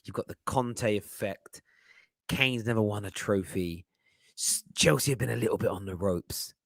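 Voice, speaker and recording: On a live-stream football chat show, a London man with a lowish, gravelly voice chats casually at normal speed. Animated and jokey, he reads out viewer comments, and the sound is clean studio quality with no echo.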